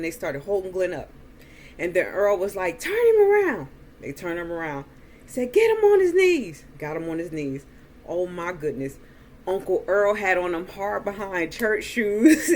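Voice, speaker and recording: A woman slowly retelling a movie's plot in a chatty way, acting out the characters' lines. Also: on the low side, slight background noise. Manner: slow, chatty retelling with quoted dialogue. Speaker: movie reviewer. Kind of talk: casual movie recap.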